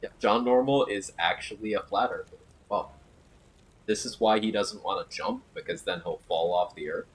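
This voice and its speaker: Streaming a game, this man chats casually with his live audience, cracking jokes and reading their comments out loud. His husky voice sits on the low side and moves at a moderate pace, captured on a rough recording.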